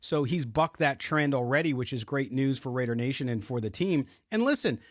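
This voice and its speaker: A man's voice: mid-range voice, expressive, a little fast, dry recording. A man hosting a live postgame sports show from his home studio, talking conversationally and leading the segment. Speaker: host.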